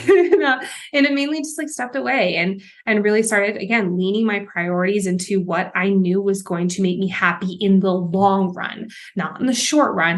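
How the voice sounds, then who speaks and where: A young adult woman hosting a podcast as a life coach, talking in a casual, candid monologue with frequent laughs and swearing. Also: mid-range voice.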